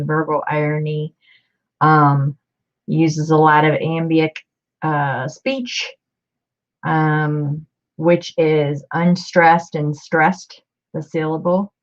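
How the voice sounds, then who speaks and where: A woman's voice: low-pitched, dull audio. A woman chatting casually on a live stream as she shows off her book collection, rambling and greeting viewers by name.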